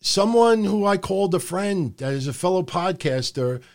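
Under hot lights in a room at home, a middle-aged man hosts his podcast's live stream, rambling casually and profanely. His voice is high-pitched and animated, at a normal speed.

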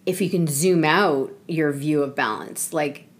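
A woman with a low voice co-hosts a podcast. She talks in a relaxed, thoughtful way and muses out loud. She sounds like she is in her thirties. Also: measured pace. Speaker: podcast co-host. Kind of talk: casual chat.

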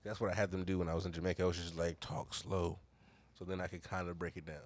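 A man's voice: deep voice, level tone, fast. A laid-back man rambling in casual chat with a friend, laughing often.

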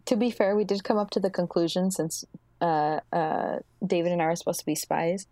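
A woman with a lowish voice talks in casual podcast chat. She explains in a relaxed, slightly hesitant way, and her voice sounds dry and close. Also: fairly quick, no echo.

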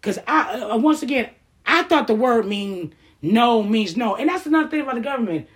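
Woman, high voice, wide swooping pitch, heated rant, blunt, profane, rhetorical questions. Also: lively intonation, fairly quick. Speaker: vlogger.

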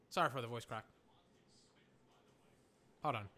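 Excitable high-voiced young man reacting live. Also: moderate pace. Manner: excitable, rambling, exasperated asides. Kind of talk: live game reaction commentary.

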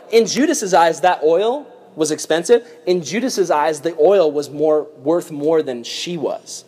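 A young adult man gives a youth sermon in a lively, chatty way. He mixes slang and jokes into his storytelling. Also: on the high side, measured pace, hardly any pauses, breathy edge. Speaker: youth pastor.

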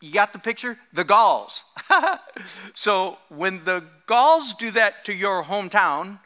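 A man preaching a sermon in an animated, joking way, laughing often at his own jokes. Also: sits high, slow. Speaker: pastor.

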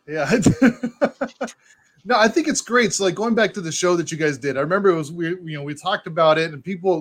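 Casual male host, a touch high-pitched, rambling and laughing. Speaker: podcast host. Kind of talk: casual chat.

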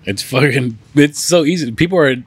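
A man's voice: medium pitch, moderate pace, slightly rough, no room sound. A man co-hosting a casual podcast chat, loose and profane, laughing often.

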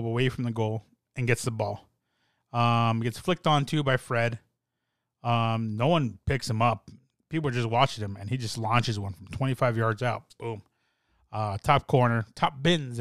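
A young man talking in a rambling, excitable way with many fillers and restarts, as in casual chat. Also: medium pitch, normal speed, dry recording, studio quality. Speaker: soccer fan podcaster.

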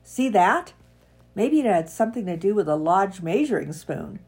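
An irritated husband, sarcastic and scolding, voiced by a woman reading aloud. The voice is croaky from a cold, with a husky, gravelly texture. It sits low and dark. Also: very animated, normal speed, soft background music.

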